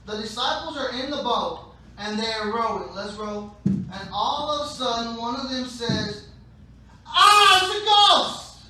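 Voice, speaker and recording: A man preaching a sermon, playful, acting out scenes with sudden shouted voices, recorded in a large church hall. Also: extremely high pitch, normal speed. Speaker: pastor. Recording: echoey hall, distant mic, faint noise.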